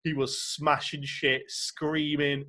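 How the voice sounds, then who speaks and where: A man's voice: fairly high pitch, little pitch movement, takes it slowly, sharp tone, slight background noise. A young man telling a story in casual chat, laddish, filling his talk with "like" and heavy swearing. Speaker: podcast guest.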